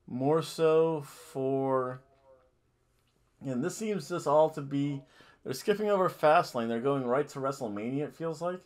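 A man's voice: a little high, a little mellow. Rambling guy recapping wrestling. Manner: rambling, self-correcting, jokey asides. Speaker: wrestling podcast host. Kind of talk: casual show recap.

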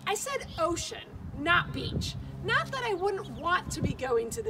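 A woman art teacher talks to children in a playful, theatrical way, her voice very high and lively with a gravelly edge. She sounds set back from the mic, with music running underneath. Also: unhurried, hardly any pauses, distant mic, very noisy. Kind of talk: children's video lesson.

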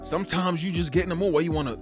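A gaming channel host talks at a racing pace in a slightly high voice with fairly even intonation. He gives casual, profane commentary, trash-talking the game's fighters as he plays over game music.

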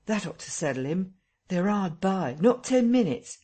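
A man voicing a determined police officer who speaks briskly and resolutely. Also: sits high, big pitch swings, dark tone, voice pushed up, full character voice.

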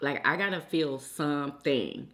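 In her mukbang, a young adult woman eats while casually talking to viewers she calls "y'all." Her voice is deep and a bit bright, and her pace is measured.

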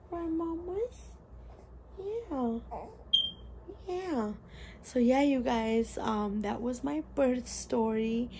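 A woman's voice: medium pitch, gravelly, dark tone, slight background noise. A young woman casually telling a story to camera in a chatty, rambling way, full of "like" and "you guys". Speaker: vlogger.

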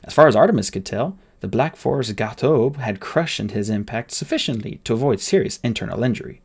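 A man reading an audiobook aloud with expressive, dramatic narration. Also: medium pitch, fairly quick, creaky, slightly rough.

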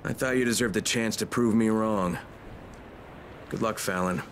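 A man plays a world-weary rescuer in a game cutscene who speaks bluntly and without hope. His voice is low. A faint hiss sits under it. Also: normal speed, lightly acted. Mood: grim. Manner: flat, blunt and fatalistic.

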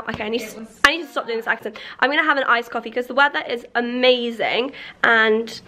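A woman's voice: fairly high pitch, fairly even intonation, fairly quick, bright, forceful tone. A young woman in her twenties, chatting casually and playfully to the camera at home. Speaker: vlogger. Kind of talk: casual chat.

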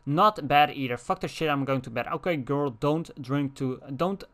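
A man's voice: fairly high pitch, moderate pace, fairly bright tone. A young man doing casual gameplay commentary, reading in-game text messages aloud with crude jokes and asides. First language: Dutch. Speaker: let's player.

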